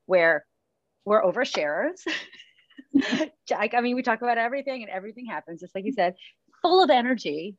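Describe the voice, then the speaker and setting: A woman running coach, chatting on a podcast, telling lively stories and often laughing. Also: on the high side, a little fast, long pauses, dry recording, muffled recording. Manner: chatty storyteller, laughs often, acts out quotes. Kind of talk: casual chat.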